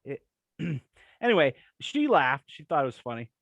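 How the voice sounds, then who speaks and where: A young man co-hosts a casual comedy podcast, rambling through crude stories and tossing in quick impressions. His voice is fairly high and bounces lively up and down. The sound is dry and close. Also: dry recording, muffled recording. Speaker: podcast co-host.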